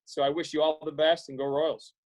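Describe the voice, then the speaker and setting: A man in his forties from Iowa speaks to students over a video call. His voice sits a little high for a man, and he talks in an earnest, halting way, full of fillers and restarts. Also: flat delivery, rough recording. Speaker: guest speaker.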